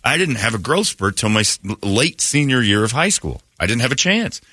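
A man hosting a morning radio show, joking loudly and irreverently with his co-hosts in casual banter. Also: medium pitch, sing-song, moderate pace, slightly rough, no room sound. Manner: loud, jokey and irreverent, swings into put-on quote voices. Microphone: studio microphone. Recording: dry radio studio.

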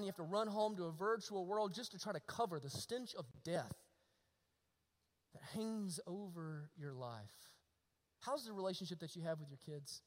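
A male pastor preaching a sermon, using rhetorical questions and swinging between hushed and emphatic delivery. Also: high-pitched, moderate pace, in a large hall.

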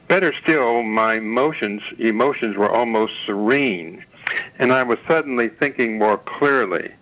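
A man in his seventies gives a personal testimonial in a measured, storytelling way. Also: mid-range voice, fairly bright tone, rough recording. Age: 70s. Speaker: caller giving a testimonial. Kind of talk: read-aloud personal testimonial.

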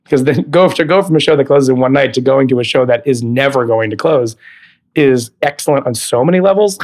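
A man in his thirties, a podcast guest, telling career stories in a lively, animated way. He laughs easily and slips into the voices of the people he quotes, with a mid-range voice. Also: medium pitch, a little fast. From California. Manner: animated storyteller, laughs often, acts out quoted dialogue. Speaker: guest, Broadway actor. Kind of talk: casual interview chat.

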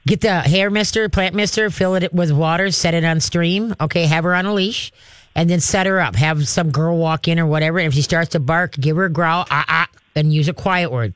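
A man's voice: on the high side, fairly bright tone, clean tone, dry recording. Folksy radio dog-training host, man. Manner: folksy, direct, demonstrates commands with growls. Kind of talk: call-in radio advice.

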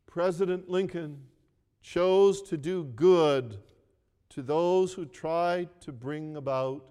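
Brief: male preacher, slow and earnest storyteller, slightly high voice, reverberant hall sound. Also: dark tone, smooth. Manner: earnest storytelling, repeats phrases, asks the listeners to read along. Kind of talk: sermon.

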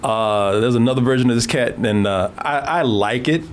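A man's voice: mid-range voice, normal speed, a little hiss or hum. A man hosting a movie reaction show in casual chat, laughing often, swearing and restarting his sentences. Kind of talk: casual film commentary chat.

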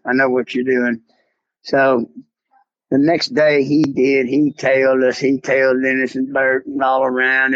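A man's voice: mid-range voice, fairly bright tone, dry recording. A man with a Texan accent telling a long folksy story in a casual interview, acting out the voices of the people in it. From South Texas. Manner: folksy, drawling yarn-spinner who acts out quoted dialogue. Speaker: podcast guest, former poacher. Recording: dull, lo-fi podcast sound.

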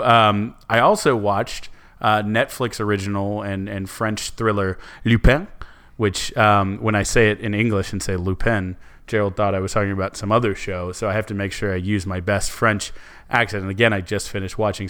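A man's voice: lowish voice, a bit bright. A young man co-hosting a podcast, chatting casually and rambling with lots of fillers and restarts. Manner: rambling, restarts often, many "like"s and "um"s. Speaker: podcast co-host.

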